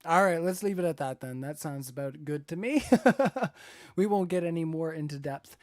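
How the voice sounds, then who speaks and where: Close to the mic in a dry, clean studio recording, a man with a slightly high, expressive voice talks at a moderate pace. Moderating a live-stream debate, he reads viewer donation messages aloud and laughs often.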